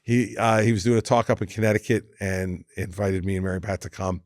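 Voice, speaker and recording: Deep-voiced older man telling stories. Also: brisk, no echo, studio quality. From United States. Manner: anecdotal, quotes others in lively impressions. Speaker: guest, former governor. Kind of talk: storytelling interview chat.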